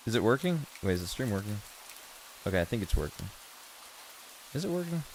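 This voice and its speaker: A young American man ranting in casual live-stream chat, swearing a lot and swinging between loud outbursts and low mutters. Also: sing-song, a little fast, pauses often, a little hiss or hum. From United States. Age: young adult.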